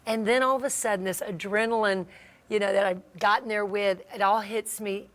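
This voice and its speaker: A middle-aged woman hosting a Christian marriage talk, telling a story in a lively way, acting out the voices she quotes and laughing often. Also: mid-range voice, a little fast. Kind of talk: animated storytelling chat.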